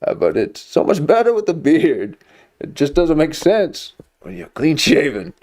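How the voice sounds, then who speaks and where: A man's voice: a little high, huge pitch swings, measured pace, a little mellow. Rambling, jokey male streamer. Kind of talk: casual chat.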